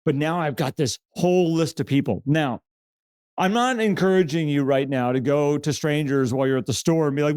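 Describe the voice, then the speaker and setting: Lively storytelling male podcast host. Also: a little high, fairly quick, clean tone, no room sound, clean studio sound. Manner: animated, retells quotes with raised voice and filler restarts. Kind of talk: casual conversational storytelling.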